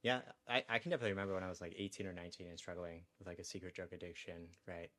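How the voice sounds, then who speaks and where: A man's voice: deep voice, fairly even intonation, rapid-fire, a bit bright. A young adult man hosting a podcast in casual conversation. He is reflective and explains things step by step, often checking in with "right?". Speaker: podcast host.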